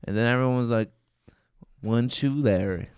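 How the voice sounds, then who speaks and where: A man's voice: medium pitch, normal speed, a little mellow, smooth, dry recording, clean studio sound, close to an everyday voice. A man voicing a rambling cowboy drifter who meanders through a story.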